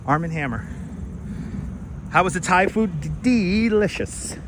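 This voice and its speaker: A chatty man with a slightly high voice hosts a live stream as he walks outdoors through city streets and a park. He reads out and thanks viewers' comments in a relaxed, easygoing way. He speaks into a clip-on mic, with faint traffic behind him. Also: unhurried. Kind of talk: casual live-stream walking tour chat. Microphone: wireless clip-on mic.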